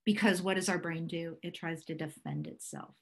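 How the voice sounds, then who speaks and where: A woman in her fifties presenting a workshop over a video call, calm and encouraging as she guides a breathing exercise. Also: low voice, moderate pace, slightly rough. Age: 50s.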